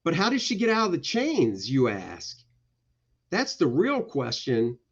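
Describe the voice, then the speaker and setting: A man's voice: a little high, wildly swooping pitch, a little slow, husky, muffled recording. A male comic book artist giving casual, jokey commentary on his pages during a livestream. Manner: playful, jokey, slips into goofy voices.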